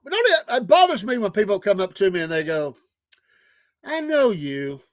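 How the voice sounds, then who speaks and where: A man's voice: sits high, very animated, quick pace, no echo. A middle-aged man, hosting a casual livestream and telling stories with frequent laughter. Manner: chatty, laughs often. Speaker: host.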